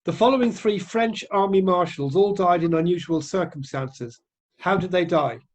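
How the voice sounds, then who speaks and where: A high-pitched English man reads out quiz questions to his friends. He takes his time over each name and date, steady and deliberate in a relaxed chat. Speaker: quizmaster.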